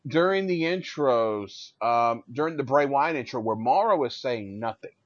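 A man's voice: medium pitch, lively intonation, moderate pace, no echo. A man co-hosting a casual wrestling podcast, opinionated with old-school views. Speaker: podcast co-host. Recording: dry, dull, lo-fi audio.

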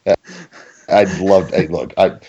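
A man with a somewhat low voice talks loosely and with plenty of swearing. He jumps between joking outrage and excited opinion in relaxed podcast chat. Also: takes it slowly, breathy edge, highs cut off. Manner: profane, animated, mock-indignant banter. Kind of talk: casual chat.

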